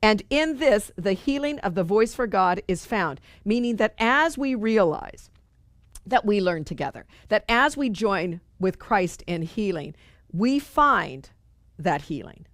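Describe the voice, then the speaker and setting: A woman's voice: mid-range voice, lively intonation, a little slow, no room sound, studio quality. A middle-aged woman leading a spiritual study group, talking earnestly and conversationally and repeating phrases for emphasis. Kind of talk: spiritual teaching talk.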